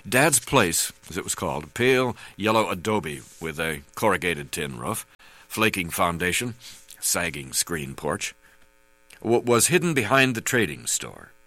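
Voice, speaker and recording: Deep-voiced man reading a memoir. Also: very animated, bright, forceful tone, dry recording. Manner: halting, with many fillers. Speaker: narrator.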